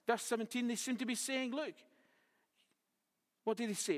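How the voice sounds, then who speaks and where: Male preacher, bright high register, teaching verse by verse; reverberant church hall. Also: steady tone, moderate pace, long pauses. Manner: expository Bible teaching with rhetorical questions. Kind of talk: sermon.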